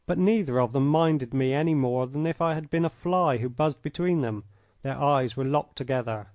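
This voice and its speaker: A man reading an old adventure story aloud in the first person, measured and expressive, close to a studio mic. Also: medium pitch, dry recording. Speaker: audiobook narrator.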